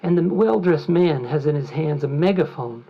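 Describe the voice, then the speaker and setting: A man's voice: fairly high pitch, animated, moderate pace, slightly rough. A man telling a vivid, conversational story as a trainer in a lecture. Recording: muffled lo-fi recording.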